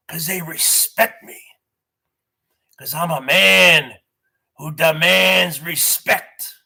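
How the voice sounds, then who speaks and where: Brash stream host, from New Jersey, boastful and rambling, bright high voice. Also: male voice. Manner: boastful, repeats "folks" and "bottom line"; greets viewers by name. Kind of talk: boastful rambling live chat.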